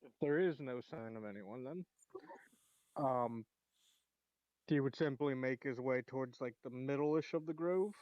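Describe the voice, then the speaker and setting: A man's voice: mid-range voice, unhurried, pauses often, no echo, dull audio. A man playing a tabletop role-playing game, hesitantly describing what his character does, with many fillers. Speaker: player.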